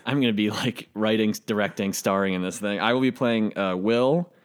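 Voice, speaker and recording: Male podcast co-host, lowish voice, rambling casual chat. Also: moderate pace.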